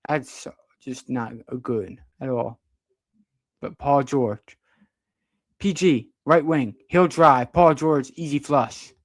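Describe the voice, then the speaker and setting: Calling a livestream's action as an amateur, this young man takes it slowly yet gets excitable, his pitch leaping on big plays. The recording is dry.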